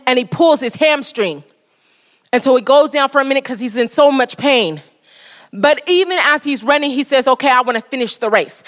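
A woman's voice: high voice, in a large hall. A woman preaching a sermon with fervent, repetitive exhortation.

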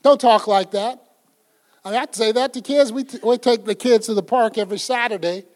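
A man's voice: extremely high pitch, fast talker, darkish tone. An older man preaching a folksy, conversational sermon, acting out little scenes as he goes. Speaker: pastor.

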